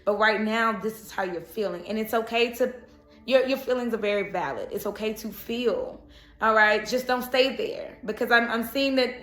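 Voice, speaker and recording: Chatty bright-voiced woman reading tarot. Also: a little high, normal speed, roomy sound, faint music behind. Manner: chatty, laughs and breaks into song. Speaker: tarot reader.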